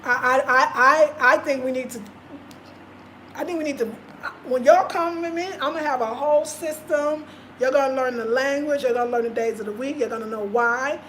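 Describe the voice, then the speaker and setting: Woman vlogger, high voice, passionate and emphatic, repeats herself, faint noise behind. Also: normal speed, fairly bright tone. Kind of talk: casual live-stream talk.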